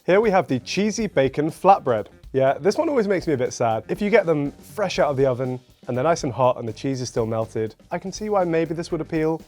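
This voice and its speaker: A British man hosting a food review show, talking in a dry, measured, lightly amused way. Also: a little high, animated, a little mellow, faint music behind. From United Kingdom. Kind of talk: casual food review narration.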